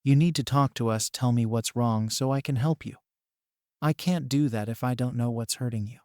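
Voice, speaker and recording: Man voicing a stubborn middle-aged mother, blunt, scolding, storybook reading, mellow tone. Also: mid-range voice, normal speed, no room sound, studio quality, close to an everyday voice. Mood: pleading.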